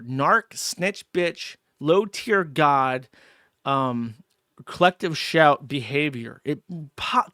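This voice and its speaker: A man's voice: a little high, sharp tone, no echo, studio quality. A man hosting a livestream, ranting angrily and profanely, with mocking asides. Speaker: streamer host. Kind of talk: angry livestream rant.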